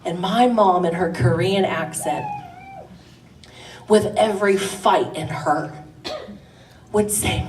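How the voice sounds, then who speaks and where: A middle-aged woman with a lowish, slightly mellow voice preaches slowly to a women's gathering, leaving long pauses. Her sermon is passionate and climbs to emphatic declarations, heard through a distant mic in an echoey church hall.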